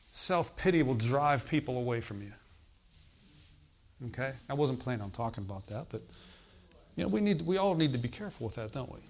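A man's voice: medium pitch, lively intonation, a little fast. A man preaching a sermon in a conversational way. He asks the congregation questions and adds emphatic exclamations.

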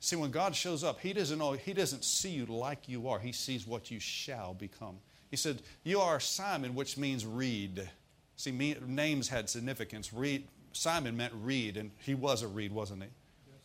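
A man's voice: medium pitch, moderate pace, a bit bright. A male preacher with a drawl delivers a sermon in a folksy, joking manner. He tells the story with plenty of asides to the congregation.

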